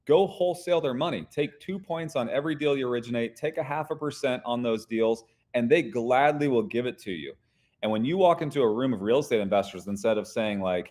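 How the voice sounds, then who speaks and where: A man's voice: mid-range voice, quick pace, darkish tone. A man talking as a podcast guest, explaining business ideas in an emphatic, teaching way. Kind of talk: casual interview talk.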